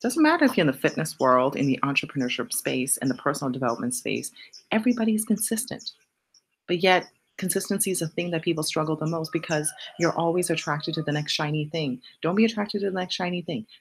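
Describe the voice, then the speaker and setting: Expressive and quick, a woman runs a laid-back motivational live stream with a faint hiss or hum on the recording. Viewer questions get blunt, profanity-laced replies, and her voice spikes higher on repeated, punchy lines.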